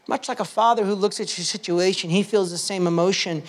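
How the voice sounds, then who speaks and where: Passionate high-voiced male pastor. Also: brisk. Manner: passionate preaching, swings from loud to soft. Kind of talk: sermon.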